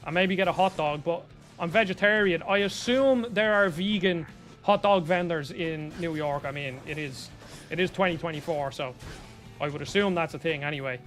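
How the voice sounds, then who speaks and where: A man's voice: a little high, moderate pace, a bit bright, faint music behind. A young Irish man chatting casually on a live stream, rambling as he answers viewers by name. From Ireland. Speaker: streamer reading chat.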